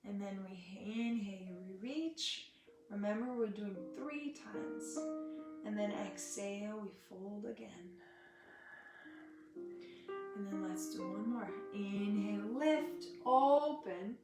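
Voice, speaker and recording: A yoga teacher leads a gentle class in a high-ish, unhurried voice, softly cueing breaths slowly and adding chatty asides for viewers. She's recorded from a distance, sitting back from the mic in a very echoey room, with guitar music clearly audible underneath.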